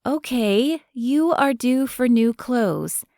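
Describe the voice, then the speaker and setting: A woman's voice: fairly high pitch, lively intonation, slow pace, warm tone, dry recording, clean studio sound, voice pushed up. A woman voicing a confident young woman stylist who talks in an upbeat, bossy, coaxing way.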